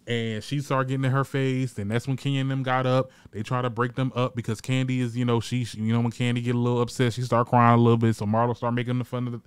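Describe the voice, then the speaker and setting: Sassy man with a crisp, dry voice. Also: medium pitch, quick pace, few pauses, no echo. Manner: sassy, blunt, swears freely; animated, acts out quoted lines. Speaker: reality TV reviewer. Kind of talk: casual recap commentary.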